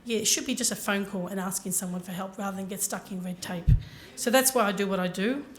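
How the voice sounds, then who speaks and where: A woman's voice: medium pitch, fast talker. A woman giving a motivational talk to a conference audience, telling her story earnestly and speaking directly to the listeners. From Ireland.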